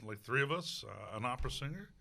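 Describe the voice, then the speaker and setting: A male opera singer from Virginia, co-hosting a podcast in easy chat with quick, wry remarks. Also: medium pitch, animated, vocal fry, bright, forceful tone. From Virginia, USA. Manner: laughs easily, wry interjections. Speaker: podcast co-host, opera bass. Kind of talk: casual chat.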